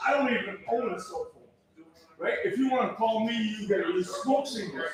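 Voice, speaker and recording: A rowdy man with a very high voice works a stand-up set at an open mic, often laughing at his own jokes. He sounds far from the mic in a very echoey room, with a crowd murmuring behind him. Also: moderate pace. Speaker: stand-up comedian. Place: comedy club stage.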